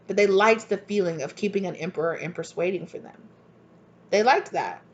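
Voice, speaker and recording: A woman giving a casual tarot reading, animated and blunt, who swears freely and acts out both sides of an argument in sudden high voices. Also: fairly quick. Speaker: tarot reader. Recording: dull lo-fi recording.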